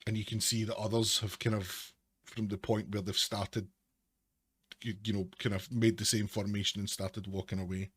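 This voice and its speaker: Low-voiced man running a tabletop game. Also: flat delivery, normal speed, a bit bright, husky, dry recording. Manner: loose descriptive narration, hedging words like "sort of". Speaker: game master.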